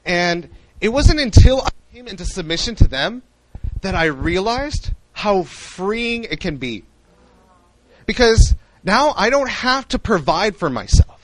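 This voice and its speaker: High, lively young male preacher. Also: measured pace, no echo, low-quality recording. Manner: animated, acts out quoted voices. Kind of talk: sermon.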